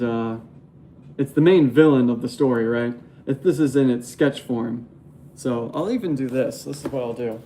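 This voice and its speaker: A man's voice: mid-range voice, dark tone, a little hiss or hum. A young man in casual livestream chat as a graphic novel artist, rambling and laughing often as he talks.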